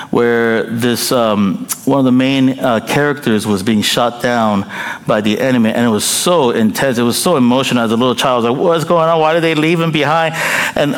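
A man preaching a sermon and telling a personal story, in an animated way with high excited bursts. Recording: long reverb of a large hall.

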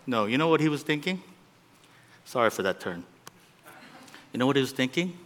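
A man preaching a sermon as a pastor, with animated delivery that swings between loud peaks and quiet asides. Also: medium pitch, normal speed. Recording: long reverb of a large hall.

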